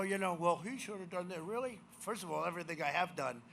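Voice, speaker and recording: A man giving a campaign rally speech as president, boastful and rambling, repeating himself and swinging from shouts to muttered asides. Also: sits high, fairly quick, vocal fry, background noise. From United States. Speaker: president speaking as a candidate. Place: rally venue.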